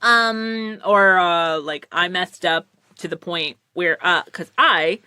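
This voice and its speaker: A woman hosting a casual podcast chat, speaking with a slight lisp and animated, lively delivery. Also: lowish voice, slow, clear, resonant tone, no room sound, studio quality. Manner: lively, animated, full of acted-out quotes. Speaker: podcast host.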